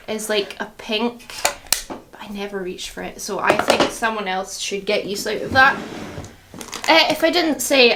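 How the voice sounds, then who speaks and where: A woman's voice: medium pitch, very noisy. A young woman chatting casually through a vlog in her home beauty room, rambling and a little shaky. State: shaky and groggy after a long sleep. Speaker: beauty vlogger.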